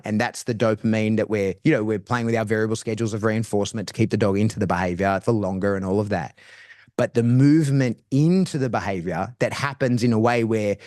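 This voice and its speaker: A man's voice: fairly low pitch, brisk, a little mellow, no room sound, clean studio sound. A man who trains dogs, talking as a podcast guest in a casual, slangy way, often restarting his phrases. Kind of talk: casual explanatory chat.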